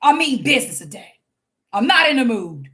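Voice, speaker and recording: Woman preaching on her vlog, high voice, blunt and fired up, keeps restarting. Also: big pitch swings, moderate pace, fairly bright tone. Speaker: online commentator. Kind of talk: fiery religious commentary vlog.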